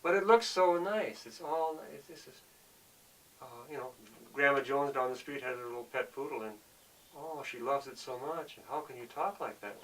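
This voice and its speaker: A man's voice: mid-range voice, steady tone, normal speed, sharp tone, far from the mic, slight background noise, poor audio. A man delivering an earnest, preachy monologue, often repeating himself as he presses his point. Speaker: speaker of the show.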